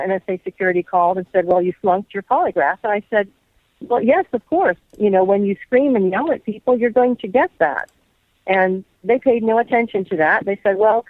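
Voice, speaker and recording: A woman's voice: medium pitch, fairly quick, no echo, narrow, tinny audio. A woman guest on a radio interview, earnestly telling a long personal story and quoting what people said. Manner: earnest, recounts dialogue at length. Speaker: guest, whistleblower.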